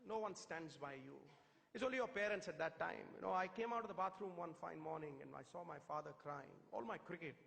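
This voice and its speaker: A middle-aged man with a Punjabi-tinged Indian English accent, telling stories to an audience in a theatrical, punchy way with quick one-liners. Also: a little high, creaky, fairly bright tone. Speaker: motivational speaker. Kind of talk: storytelling speech to a live audience. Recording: hall reverb.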